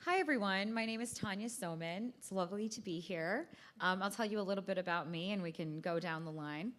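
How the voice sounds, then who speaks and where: A woman's voice: medium pitch, brisk, a bit bright. A woman introducing herself on a panel in a composed, polished way. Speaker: panel guest.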